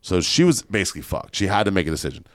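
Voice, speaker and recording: A man with a very low voice tells a story on a podcast in a blunt, profane way and acts out what other people said. He sounds close and dry, with no room echo. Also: big pitch swings, rapid-fire. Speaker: guest entrepreneur.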